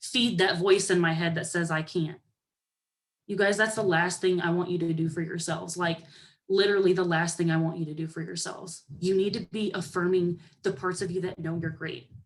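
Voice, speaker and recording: Sassy, animated woman giving a pep talk. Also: lowish voice, moderate pace. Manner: animated, sassy, acts out voices of others. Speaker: motivational speaker to a sales team.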